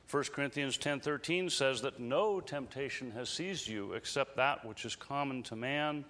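A man's voice: mid-range voice, a bit bright. Earnest male preacher in a reverberant hall. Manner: earnest, measured preaching with slow emphatic phrases. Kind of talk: sermon. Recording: long reverb of a large hall.

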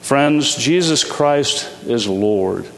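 A man preaching a sermon in a measured, earnest way, slowing down to stress key lines. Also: mid-range voice, expressive. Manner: measured, earnest preaching with slow emphatic endings. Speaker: pastor. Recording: long hall reverb.

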